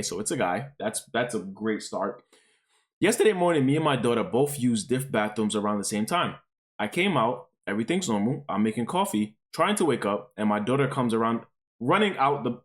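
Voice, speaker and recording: Male streamer, reads posts and rants; swears a lot, rambles, pitch jumping all over, average register. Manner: profane, rambling, exclaiming. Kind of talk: reading and reacting to online posts on stream.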